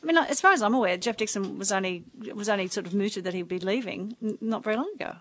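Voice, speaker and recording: Quick-talking woman radio co-host. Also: mid-range voice, animated. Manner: brisk, teasing. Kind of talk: casual radio chat.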